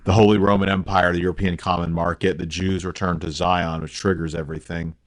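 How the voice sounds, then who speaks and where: A man's voice: low voice, level tone, brisk, no room sound. A man on a movie podcast panel, summarizing the plot in a rambling, casual way.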